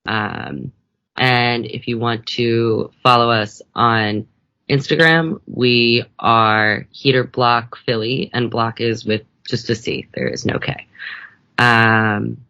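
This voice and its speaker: Guy chatting earnestly on a podcast call, bright tone, kinda muffled. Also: medium pitch, fairly even intonation, gravelly, dry recording. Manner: earnest, halting, with fillers. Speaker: guest, mutual aid organizer. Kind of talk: remote interview chat.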